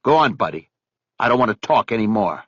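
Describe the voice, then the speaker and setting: A man voicing a middle-aged man who talks in a curt, forceful way, close to his own low voice. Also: big pitch swings, a little fast, no echo, highs cut off. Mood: angry. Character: angry, clipped middle-aged man holding back rage.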